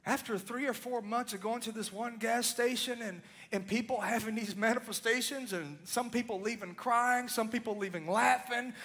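A man delivers a sermon with impassioned storytelling. His voice sits very high for a man. His tone is bright and forceful. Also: steady tone, normal speed, hardly any pauses. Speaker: preacher.

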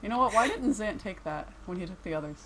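A young adult woman streams a let's play, joking through casual commentary with teasing humor and quick laughter. Her medium-pitched voice is expressive, with game music and a crowd audible in the background.

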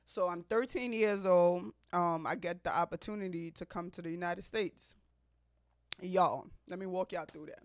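A woman in her thirties from Africa, hosting a podcast and telling her life story to listeners in an expressive, chatty way, often laughing. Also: fairly low pitch, moderate pace, no echo, clean studio sound. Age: 30s. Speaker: podcast host. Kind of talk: personal storytelling monologue.

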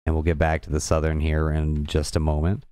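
A man's voice: extremely low pitch, monotone, fairly quick, warm tone, clean tone, no echo. A young man hosting a programming livestream, chatting loosely and bantering with his viewers. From American South. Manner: chatty, rambling, banters with chat. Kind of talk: casual livestream chat.

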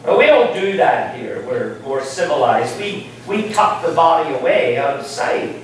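A man, preaching a sermon with emphatic swings between loud rising lines and quiet low asides. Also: very animated, a little slow, far from the mic, slight background noise. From Ireland. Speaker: pastor. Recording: echoey hall, speaker off-mic.

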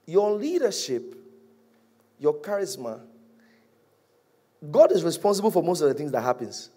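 A male pastor preaching a sermon, animated, rising to loud peaks and dropping to hushed, drawn-out lines. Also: on the high side, slightly rough.

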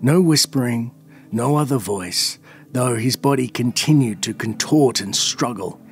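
A man narrating a dark fantasy story in a dramatic, expressive manner. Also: medium pitch, unhurried. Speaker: lore narrator. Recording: faint background music.

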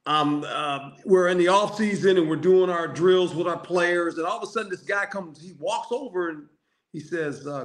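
A man's voice: on the high side, moderate pace. An older man, a former football coach and player, telling anecdotes in a casual chat, acting out quotes and laughing often. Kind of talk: storytelling phone-in chat.

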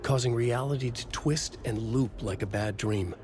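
A man voicing a grim male narrator of a dark horror tale, reading scripted narration in a grave, measured way. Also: mid-range voice, a little hiss or hum, lightly acted. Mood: ominous. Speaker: game narrator.

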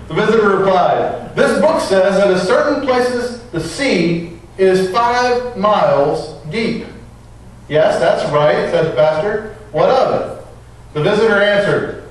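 A male pastor gives an earnest sermon in a somewhat higher voice. He is recorded from a distance in an echoey church, with faint room noise behind him. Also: animated, unhurried. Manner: earnest preaching with prayer and scripture reading. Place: church sanctuary.

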